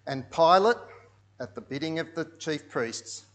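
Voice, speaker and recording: A man's voice: fairly high pitch, expressive, measured pace. Man preaching with dramatic swells. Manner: dramatic storytelling, drops to hushed tones and swells loud. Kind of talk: sermon narrated over pictures.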